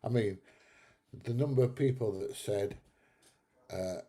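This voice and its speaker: A Northern English man chats through a livestream, answering comments bluntly with frequent laughs. His voice is very dark and mellow and fairly low. He talks at an unhurried, slow pace. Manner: blunt, chatty, laughs often. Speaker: livestream host. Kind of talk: casual livestream chat reading comments.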